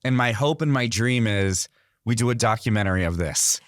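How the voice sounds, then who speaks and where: A man's voice: on the low side, lively intonation, moderate pace, dry recording. A man as a guest in an interview, telling his stories earnestly. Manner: earnest storyteller. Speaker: guest artist. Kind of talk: interview conversation.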